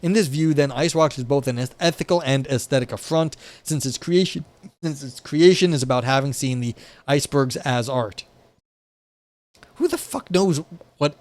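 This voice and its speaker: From an indoor desk by a window, a young streamer gives casual commentary while reading philosophy, peppering it with wry profanity, "like" and restarts. The recording is dry, and his mid-range voice is a little mellow at a normal speed.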